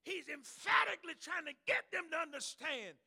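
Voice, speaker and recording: Man preaching, high and bright, gravelly, slow and lively, shouting and whooping. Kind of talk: sermon.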